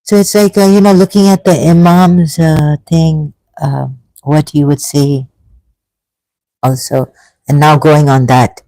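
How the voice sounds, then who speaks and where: A vlogger talking through an emotional personal monologue, halting and sighing, with frequent restarts, stopping to read passages aloud. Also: mid-range voice, steady tone, gravelly, mellow, no echo, rough recording. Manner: reads passages aloud between remarks.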